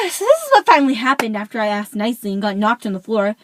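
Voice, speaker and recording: Speaking fast in a mid-range voice, this teen girl vlogger launches into an animated school story, dropping "like" constantly as she chats. The recording quality is low.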